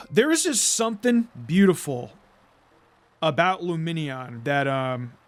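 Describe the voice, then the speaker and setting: A man's voice: a little high, big pitch swings, slow. A young man giving casual let's-play commentary, rambling with many fillers and stumbling restarts. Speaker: gaming commentator.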